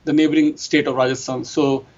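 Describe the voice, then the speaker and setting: A man's voice: a little high, flat delivery, fairly quick, darkish tone, dull audio. A man from India with an Indian accent, a guest in a casual conversation, often laughing lightly and repeating yes. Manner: frequent laughs and repeated yeses.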